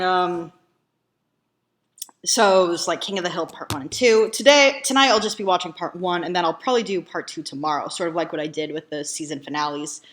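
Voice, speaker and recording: A woman's voice: lowish voice, a bit bright. A woman hosting a reaction video in casual chat, rambling with lots of ums and likes.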